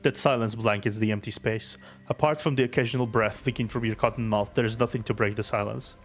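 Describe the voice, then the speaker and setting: A man's voice: lowish voice, quick pace, faint music behind. Man streamer reading a game story. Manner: steady narration with offhand asides.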